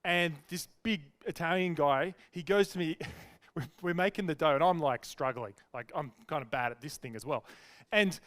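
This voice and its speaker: A man's voice: a little high, moderate pace, fairly bright tone. A man, a business coach telling a chatty, self-deprecating story full of fillers. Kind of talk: storytelling talk.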